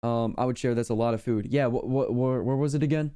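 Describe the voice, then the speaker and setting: A man's voice: mid-range voice, quick pace, mellow, smooth. A young man streaming casually, rambling in a laid-back slangy way with lots of fillers. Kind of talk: casual reaction chat.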